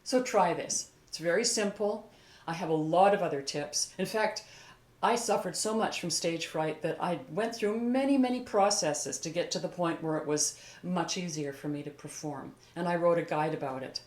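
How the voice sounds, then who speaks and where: An older woman, a vocal coach, giving a calm, encouraging singing lesson on video and talking through an exercise as she moves. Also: on the low side, moderate pace. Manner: calm, encouraging, demonstrates while moving. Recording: echoey room.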